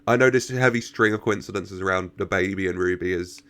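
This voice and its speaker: A man's voice: deep voice, a little fast, fairly bright tone. A man giving casual reaction commentary, chatting, laughing often and talking back to the characters on screen. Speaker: reaction video host.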